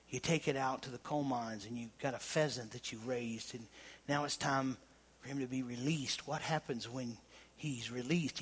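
A male pastor preaching a sermon, swinging from loud emphatic declarations to hushed, intimate tones. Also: mid-range voice, breathy edge.

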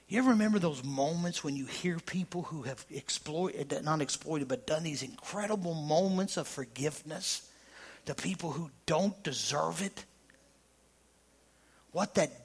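High-voiced man preaching with fervor. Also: normal speed. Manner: swings from loud emphatic preaching to hushed intimate tones. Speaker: pastor. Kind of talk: sermon.

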